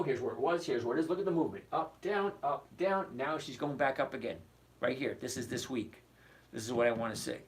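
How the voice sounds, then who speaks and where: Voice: medium pitch, a bit bright. A trading instructor giving a live stock and options lesson, blunt and emphatic, repeating key points and making sarcastic asides to viewers.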